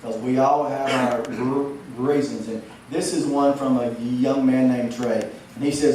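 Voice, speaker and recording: A man's voice: medium pitch, steady tone, a little slow, hardly any pauses, dark tone. A man, giving a humorous speech and stuttering, repeating words as he goes. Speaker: motivational speaker. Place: large hall. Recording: echoey hall from far off, noisy.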